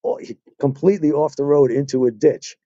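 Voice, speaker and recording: Older man telling road stories, dark voice. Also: a little high, a little fast, no echo, lo-fi sound. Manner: relaxed storyteller, acts out voices in his anecdotes. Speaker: guest, retired motor officer and riding instructor. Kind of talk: live stream interview, storytelling.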